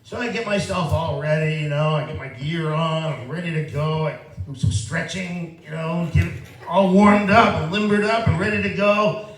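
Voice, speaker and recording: A man doing a stand-up comedy set, talking casually and self-deprecatingly, and turning animated when he acts out his own side of a story. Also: fairly high pitch, moderate pace. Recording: roomy live venue, mic heard from a distance. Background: audience laughter.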